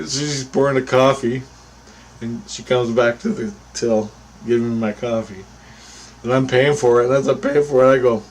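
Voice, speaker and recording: A man's voice: medium pitch, fairly even intonation, moderate pace, long pauses. A man casually telling a story, rambling with restarts, swearing freely and often breaking into laughter. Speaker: storyteller vlogger.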